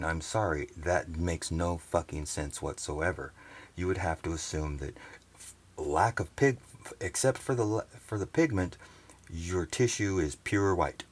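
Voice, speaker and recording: A man ranting profanely and rambling indignantly on a sailboat, into a camera he has set down. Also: low-pitched. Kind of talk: casual vlog rant. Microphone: handheld camera set down nearby.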